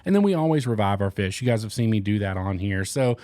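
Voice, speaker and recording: A man's voice: lowish voice, animated, quick pace, dark tone, no echo, studio quality. A man hosting a fishing channel, chatting casually and candidly to camera in a rambling, joking way.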